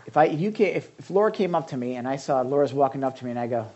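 A man's voice: medium pitch, animated, rapid-fire, warm tone, lo-fi sound. A male pastor giving a conversational sermon, calling on listeners by name.

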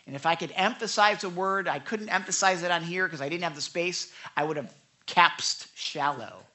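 A pastor preaching a conversational, animated sermon with frequent asides and self-corrections. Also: medium pitch, moderate pace.

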